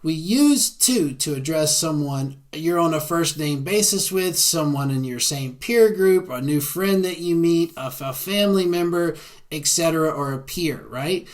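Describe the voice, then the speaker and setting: A man with a Southern American accent giving a beginner lecture, often checking in with a quick "right?". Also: on the high side, lively intonation. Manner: frequent tag "right?". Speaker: Spanish teacher. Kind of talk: classroom lecture.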